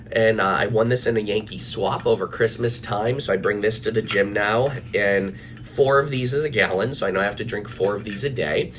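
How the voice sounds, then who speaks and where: With a fairly low voice and slight background noise behind him, a man coaches viewers on anxiety during a casual live video chat from his office. He's animated and relaxed, leaning on fillers and restarts.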